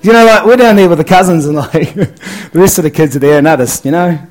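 A man's voice: fairly high pitch, fairly quick, rough recording. A man with a New Zealand accent, chatting casually to a live audience through a handheld mic held close, full of fillers, "eh" and "man". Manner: chatty and laid-back, many fillers and "eh", "man". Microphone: handheld mic held close to the mouth.

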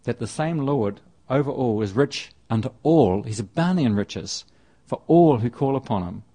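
A man giving a sermon in a relaxed, chatty way. His pitch sits in an ordinary middle range, and he often repeats words and restarts his sentences as he works through a passage. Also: moderate pace, breathy edge. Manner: conversational, with frequent restarts and repetition. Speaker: preacher.

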